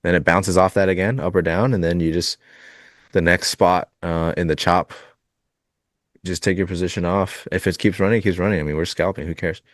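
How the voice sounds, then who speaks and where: A man's voice: low-pitched, brisk, no echo, clean studio sound. A man trading futures on a live show, chatting casually and laughing often. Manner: relaxed, rambling, laughs often. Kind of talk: casual live-stream chat while trading.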